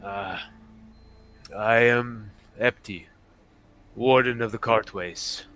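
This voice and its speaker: A man voicing a gruff retired male pirate who now works as a warden, speaking in a dry, weary, slightly pompous way. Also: on the low side, fairly even intonation, slow pace, pushed and bright, heavily acted.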